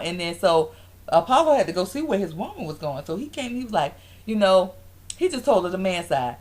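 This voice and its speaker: A woman's voice: medium pitch, brisk. A woman giving a casual vlog recap, acting out quotes in different voices. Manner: animated storytelling, acting out quotes in different voices, frequent laughs. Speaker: vlogger reviewing a reality show.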